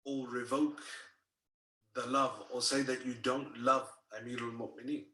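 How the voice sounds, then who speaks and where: A man preaching a sermon from a book-filled room at home, telling a story slowly and with feeling, and asking his listeners rhetorical questions. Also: mid-range voice, little pitch movement, pushed and bright. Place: home room full of books. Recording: roomy, distant home recording.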